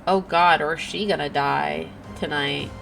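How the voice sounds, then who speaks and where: A woman's voice: deep voice, fairly even intonation, unhurried, creaky, a bit bright, soft background music. A young woman streaming a game, chatting and reacting aloud with gasps and exclamations. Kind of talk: casual game commentary.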